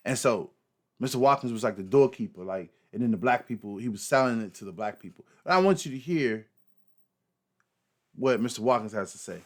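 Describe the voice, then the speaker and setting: A man's voice: medium pitch, expressive, a little fast. Man hosting an emphatic reaction commentary. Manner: emphatic, repetitive, profane, fillers. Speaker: host.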